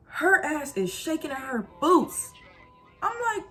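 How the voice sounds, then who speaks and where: An animated young woman tells a story in a loose, slangy way, jumping up in pitch as she acts out what everyone said. Faint music plays quietly behind her voice. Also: unhurried. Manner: animated, slangy storytelling with quoted dialogue and laughs. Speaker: vlogger. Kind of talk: casual storytime.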